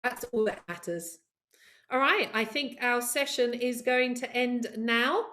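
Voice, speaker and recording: Woman workshop presenter on a video call, upbeat, encouraging, fairly high voice, talks directly to attendees. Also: measured pace, pushed and bright. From of Caribbean heritage. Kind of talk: live online training session.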